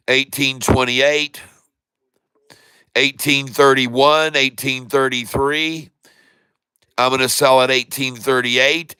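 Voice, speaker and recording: A man hosting a casual stock trading livestream, folksy and excitable, chatting to viewers while he trades. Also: medium pitch, clean tone, no room sound, clean studio sound. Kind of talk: casual live market commentary.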